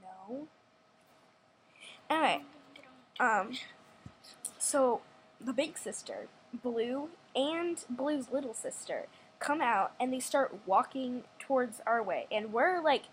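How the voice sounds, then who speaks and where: A young woman with a fairly high voice tells a story casually, rambling through many restarts and acting out what people said. She records at home, with faint ambient hiss behind her. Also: low-quality recording. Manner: rambling, restarts often, acts out quotes.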